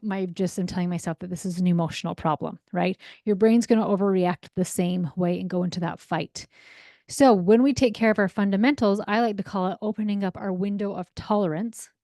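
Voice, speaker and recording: A parenting coach in her forties talks solo on her podcast, her mid-pitched, darkish voice recorded close and dry. Chatty and upbeat, she checks in with "right?" and slips into acted voices for stories about home life.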